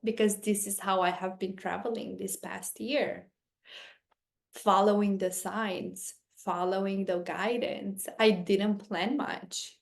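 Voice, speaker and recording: A woman's voice: medium pitch, creaky. Earnest woman host telling a personal story. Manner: earnest and animated, quick bursts when excited. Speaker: podcast host.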